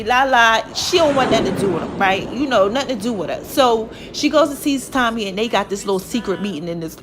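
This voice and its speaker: Recapping an episode of a TV show, this podcast host is a chatty woman with a high-riding voice. She animatedly performs the characters' dialogue, and faint music runs beneath her.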